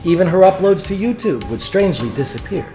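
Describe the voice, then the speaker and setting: Male narrator, dry hard-boiled cop read, lively pitch, soft music underneath. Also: fast. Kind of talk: scripted detective-style narration.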